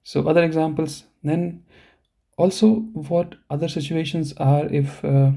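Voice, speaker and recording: A male teacher in an online lesson, with a very dark, mellow voice that has a gravelly edge and sits a bit higher than most men's. He explains patiently, one step at a time, slows right down on the example words, and keeps checking that the learners are following. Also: flat delivery. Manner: slow, deliberate pronunciation of example words. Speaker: German teacher. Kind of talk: live online language lesson.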